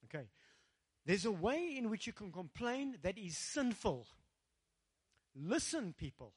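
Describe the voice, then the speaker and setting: A man's voice: high-pitched, big pitch swings, a little slow, husky. A man with a South African accent preaching a rousing sermon, calling out to the congregation and slipping into Afrikaans phrases. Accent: South African English. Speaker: pastor.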